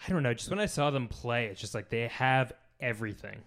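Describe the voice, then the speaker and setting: Casting: easygoing male co-host, mid-pitch, dry humor, casual sports talk. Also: a little fast, fairly bright tone. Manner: laid-back, dry jokes, does impressions. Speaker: podcast co-host.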